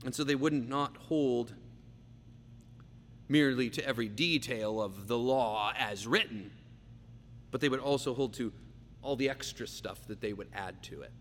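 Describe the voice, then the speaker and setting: A man preaching a verse-by-verse sermon, emphatic, slowing down and repeating key phrases for weight. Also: medium pitch, a bit bright. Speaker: pastor. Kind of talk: expository sermon. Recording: long reverb, faint hum.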